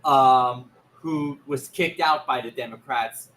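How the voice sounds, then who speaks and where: Co-host guy, easygoing, chuckles a lot, average pitch, a little hiss in the background. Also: takes it slowly, fairly bright tone, rough recording. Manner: laid-back, chuckling agreement. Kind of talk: casual political chat.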